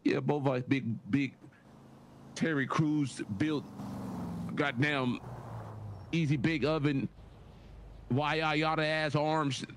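A man's voice: a little high, steady tone, takes it slowly, pauses often, slight background noise. A man playing a blind young man stuck in prison who rambles and stammers defensively in casual role-play chat. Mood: rambling. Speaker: game character.

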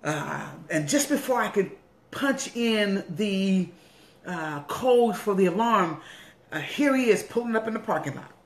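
A woman's voice: medium pitch, expressive, unhurried. A woman bishop giving an earnest personal testimony, repeating phrases for emphasis. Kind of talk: personal testimony in a weekly online message. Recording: roomy echo.

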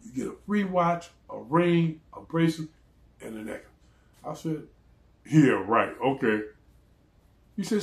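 Guy telling a story, laughs a lot, voice jumps all over, kinda high, echoey room. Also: normal speed. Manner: animated, laughs often, acts out quoted people. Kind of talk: casual storytelling.

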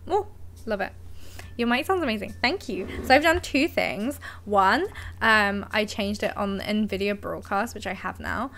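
A woman's voice: medium pitch, moderate pace, fairly bright tone. A young woman chatting casually on her live stream, giggly and affectionate toward her cat, speaking into a desk mic at home. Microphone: desk microphone.

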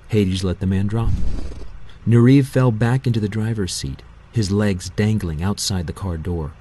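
A man narrating a novel in a measured, steady audiobook reading. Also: low-pitched, slightly rough, poor audio.

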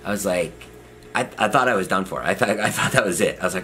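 A man's voice: sits low, fast talker, sharp tone, a little hiss or hum. Rambling man telling a story. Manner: rambling, filler-heavy, self-deprecating. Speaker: vlogger. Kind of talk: casual storytelling.

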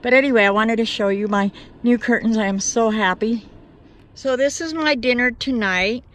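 A woman's voice: on the high side, moderate pace, a little hiss or hum. A woman vlogging outdoors from her van campsite in the woods, talking to her viewers in an earnest, grateful, chatty way. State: out of breath. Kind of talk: casual vlog talk to camera.

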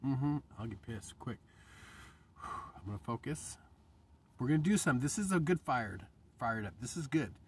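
A man's voice: medium pitch, lively intonation, a little fast, distant mic, a little hiss or hum. A middle-aged man in an emotional monologue to camera, impassioned and rambling, swearing and restarting his sentences. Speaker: vlogger.

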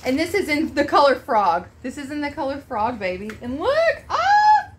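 Bubbly high-voiced woman vlogger. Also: animated, fairly quick, slight background noise. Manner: bubbly, gushing, exclaims often. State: emotional, close to tears. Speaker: vlog host. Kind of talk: unboxing vlog chat.

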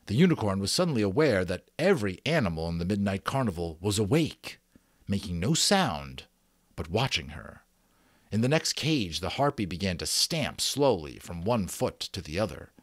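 Low-voiced man reading aloud dramatically. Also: moderate pace, no echo, clean studio sound. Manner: expressive, with casual spoken asides. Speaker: father, voice actor, narrator.

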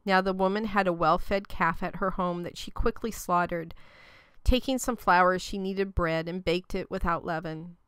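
A woman reading scripture aloud in a steady, measured narration. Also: lowish voice, clean tone, no echo. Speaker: scripture reader.

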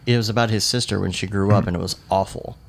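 A man's voice: on the low side, steady tone, vocal fry. A man co-hosting a casual podcast, chiming in with playful, jokey remarks. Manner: playful, quick jokey interjections.

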